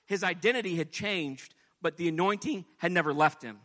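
A man's voice: high-pitched, normal speed, bright, forceful tone. A man preaching a sermon with impassioned delivery, rising into pleading as he voices scripture. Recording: long hall reverb.

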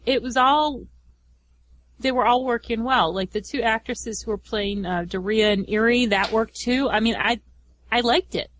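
A woman's voice: a little high, normal speed, a bit bright, a little hiss or hum, low-quality recording. A woman co-hosting a podcast, chatting casually and often restarting her phrases. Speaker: podcast co-host. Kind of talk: casual chat.

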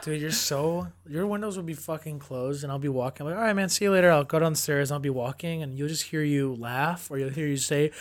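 High-voiced man in teasing podcast banter. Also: a little fast, hardly any pauses. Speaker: podcast co-host. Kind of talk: casual chat.

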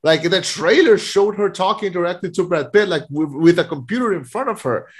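Co-hosting a casual movie review podcast, a man rants about a film with animated exasperation, frequent "like" fillers, and many restarts. His voice is high-pitched and brisk.

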